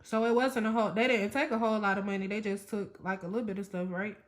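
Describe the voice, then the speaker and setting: A woman's voice: medium pitch, fairly even intonation, fast talker. A woman asking short, curious questions in casual conversation. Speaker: interviewer.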